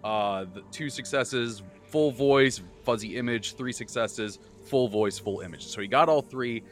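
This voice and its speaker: A man hosting a casual podcast chat, excitably rambling as he recaps the tabletop campaign he runs as game master. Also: medium pitch, unhurried, faint music behind.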